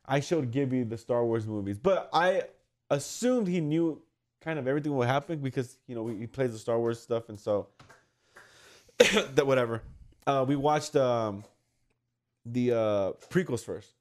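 A man's voice: medium pitch, expressive, normal speed, long pauses, a little mellow. Man, casual podcast chat, rambling storyteller, easygoing and profane. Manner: rambling storyteller, laughs often, swears casually.

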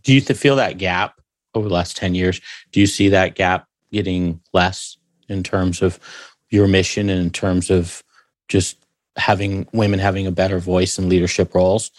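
Male interviewer, very low voice, casual rambling questions. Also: fairly even intonation, normal speed, no echo, clean studio sound. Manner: loose, rambling questions with restarts.

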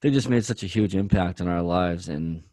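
A man's voice: deep voice, moderate pace, warm tone, dry recording. A man co-hosting a podcast, talking earnestly in a rambling way with many fillers. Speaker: podcast co-host. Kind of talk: casual chat.

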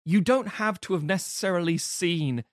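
A man's voice: high-pitched, moderate pace, no echo. A man talks films on a podcast, his slightly raised voice bouncing as he re-enacts scenes and laughs along. The sound is dry and close, with no room around it. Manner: animated, recounts scenes acting out quotes and laughing. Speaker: podcast co-host. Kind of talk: casual film chat.

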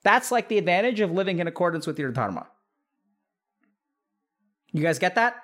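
A man hosting a podcast, giving casual advice in an animated way, peppered with "like" and "right?" and acting out what imagined relatives would say. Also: sits high, normal speed. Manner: animated, acts out imagined family members mid-sentence; frequent fillers "like" and "right?".

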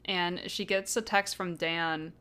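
A woman's voice: on the low side, fairly even intonation, takes it slowly, bright, forceful tone, clean tone. A woman co-hosting a casual book podcast, retelling the plot with sarcastic jokes and frequent laughter. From United States. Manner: laughs often, sarcastic joking. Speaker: podcast co-host. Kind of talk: casual book-club chat.

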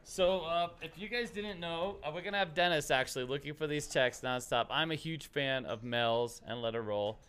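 A man hosting a casual stream, excitable and rambling, calling people "dude". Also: fairly high pitch, moderate pace, hardly any pauses, clear, resonant tone. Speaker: host. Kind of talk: casual livestream chat.

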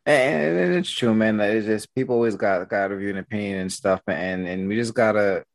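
A man's voice: on the low side, brisk, gravelly. A man hosting a casual conversation, rambling along and often asking "you know what I mean".

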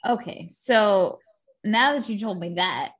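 A woman's voice: medium pitch, lively intonation, takes it slowly, background noise. A woman co-hosting a casual movie podcast, candid and blunt, laughing often and swearing casually. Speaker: podcast co-host. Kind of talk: casual chat.

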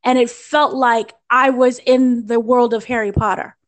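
A woman's voice: a little high, fairly even intonation, unhurried. A young American woman reviewing a film on a podcast, gushing and rambling with restarts and fillers. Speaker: entertainment editor reviewing a film.

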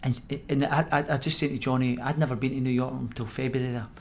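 Fast-talking and animated, this Scottish middle-aged man is a former footballer spinning anecdotes as a podcast interview guest. He laughs frequently and mimics the voices he quotes; his pitch is an everyday middle, with faint background hum.

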